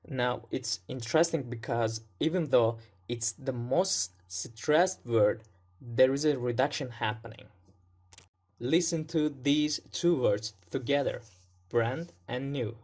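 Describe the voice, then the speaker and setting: A male English pronunciation teacher recording an online lesson. He speaks slowly and deliberately in a mid-range voice, repeating each sound several times to demonstrate it. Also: mid-range voice, darkish tone.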